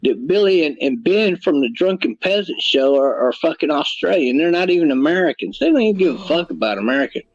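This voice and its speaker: A man's voice: on the high side, animated, a little fast, few pauses. A man on a livestream clip, ranting crudely and repeating himself. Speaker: streamer in played clip. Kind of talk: profane livestream rant. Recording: dull lo-fi clip audio.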